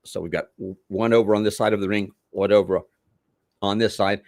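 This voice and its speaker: A man's voice: fairly low pitch, fairly even intonation, brisk, creaky, a little mellow, no room sound, clean studio sound. An older man, a veteran wrestler, telling rambling stories in a theatrical, old-school way as a podcast guest. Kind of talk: storytelling in a podcast interview.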